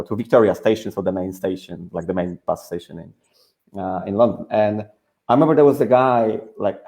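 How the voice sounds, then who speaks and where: Man, native polish speaker, webinar host, chatty storytelling, lots of "like", warm mellow tone. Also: lowish voice. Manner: chatty, leans on "like". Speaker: host, school founder. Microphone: video call.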